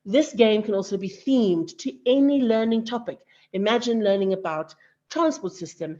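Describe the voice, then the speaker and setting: A woman gives a measured presentation on teaching through drama games. Her voice sits at a middle pitch. The audio is slightly dull and lo-fi. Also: a little mellow. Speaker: conference presenter. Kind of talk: presentation talk on arts education.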